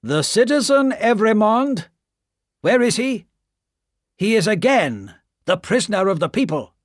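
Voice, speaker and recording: A rough revolutionary, played by a male narrator, barks out demands in a loud, raised storybook voice. His delivery is slow and heavily inflected, and the recording is dry. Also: sits high, sing-song, dry recording, pitched above the performer's own voice. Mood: stern.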